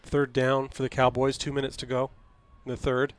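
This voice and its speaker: A man doing play-by-play for a high school football game, chatty and quick to laugh. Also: monotone, a little hiss or hum. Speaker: play-by-play announcer.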